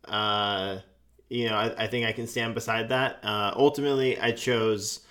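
A man chatting casually among friends, rambling and halting as he recounts his picks. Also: lowish voice, fairly even intonation, a bit bright. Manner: rambling, halting with restarts and fillers. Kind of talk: casual chat.

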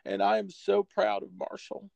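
A man's voice: sits high, completely flat delivery, moderate pace, gravelly, darkish tone, lo-fi sound, voice pushed up. A man putting on the voice of a tearful elderly man whose voice quivers.

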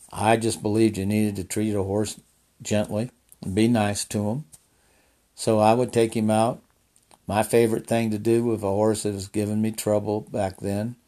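A man's voice: lowish voice, mellow. A man casually telling a personal story in a folksy, rambling way with restarts and asides.

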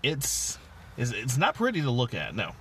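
A man's voice: mid-range voice, huge pitch swings, moderate pace, pushed and bright. A man co-hosting a casual podcast, rambling and self-mocking, often trailing off mid-thought. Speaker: podcast co-host. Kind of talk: casual chat. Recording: lo-fi podcast with faint hiss.

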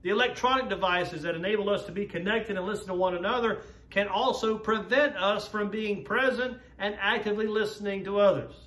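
A man preaching a sermon as a pastor, in an earnest, measured way, slowing down to stress key words. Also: high voice, a bit bright. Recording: roomy echo, voice from a distance.

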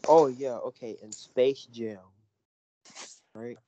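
A young man co-hosting a casual podcast chat jokes around in slang and loses his train of thought. His mid-range voice is slow and warm, the highs are cut off, and there's slight background noise.

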